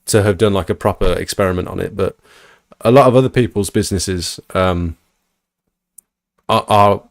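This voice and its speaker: A male podcast host tells a story in casual chat, animated and acting out quotes as his pitch jumps up. He speaks at normal speed with a creaky voice, in clean studio sound with no room sound.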